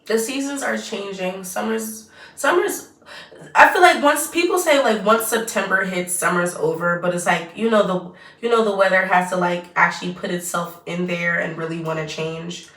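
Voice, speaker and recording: In a lowish, fairly bright voice at moderate pace, a twenty-something vlogger chats through her get-ready-with-me makeup session. Her talk rambles and trails off mid-sentence, and the distant mic leaves a roomy echo.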